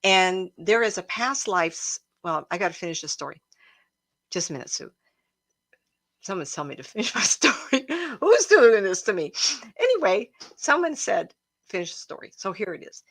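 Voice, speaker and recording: Emotional, storytelling woman psychic, lowish voice. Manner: emotional, animated storyteller who laughs and gasps often. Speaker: psychic medium hosting a livestream. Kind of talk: casual livestream storytelling.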